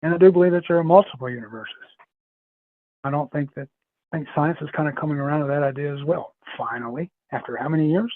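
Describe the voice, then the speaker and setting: Podcast guest, male, slightly higher voice, loose rambling storyteller, dry phone-line sound. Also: fast, no echo. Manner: rambling, repeats himself, laughs often. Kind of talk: casual storytelling chat.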